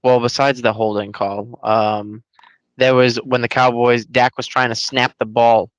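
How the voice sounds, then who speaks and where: A man's voice: medium pitch, level tone, unhurried, no room sound, lo-fi sound. A man co-hosting a casual podcast, ranting in long, heated run-on complaints and cursing freely. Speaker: podcast co-host. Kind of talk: casual sports rant.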